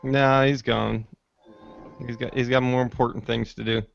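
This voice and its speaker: A man chatting casually on a call-in show, relaxed and laid-back. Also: mid-range voice, normal speed, gravelly, soft background music. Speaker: participant on a call-in chat show. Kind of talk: casual chat. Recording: dull, dry lo-fi call audio.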